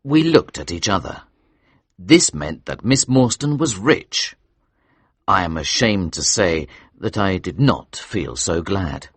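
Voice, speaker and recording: A man reading a story aloud for English learners, slow, clear and expressive. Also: low voice, dry recording.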